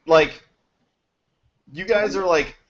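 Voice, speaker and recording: A man's voice: high-pitched, slow pace, a crowd in the background. A young man running a tabletop game as game master, hesitant and full of ums. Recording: dull lo-fi home recording.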